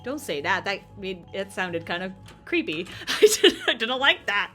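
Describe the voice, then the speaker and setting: A young woman streaming a video game, reacting with excited, swearing, laughing commentary. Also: mid-range voice, a little slow. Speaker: gaming streamer. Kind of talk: excited casual let's-play commentary. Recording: game music under voice. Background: game music.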